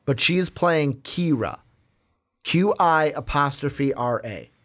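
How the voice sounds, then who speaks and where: Casting: young male co-host, slightly high voice, chatty and rambling. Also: slow. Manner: rambling, animated, swears now and then. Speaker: podcast co-host. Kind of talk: casual movie chat.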